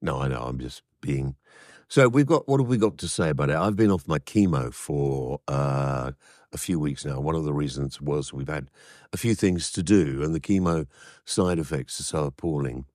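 Deep-voiced older man, halting chat. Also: darkish tone, no echo, studio quality. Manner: hesitant, joking, full of fillers. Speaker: podcast co-host. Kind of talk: casual chat.

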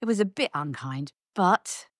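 A middle-aged woman chats casually with her husband, her teasing dry and matter-of-fact. Her voice sits on the low side, recorded close and dry. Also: expressive, a little slow, no echo. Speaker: co-host, wife. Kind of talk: casual chat.

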